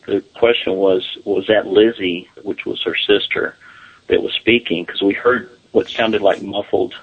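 Man, paranormal investigator guest, husky low voice, unhurried halting delivery, muffled lo-fi call. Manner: relaxed, halting storytelling with fillers. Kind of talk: casual interview talk.

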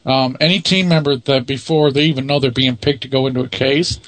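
A man speaks in a matter-of-fact, self-assured way, his voice sitting at an ordinary middle pitch. He answers interview questions as the leader of a paranormal investigation team. The recording is close and dry, with almost no room sound. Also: steady tone, a little fast, a bit bright, dry recording.

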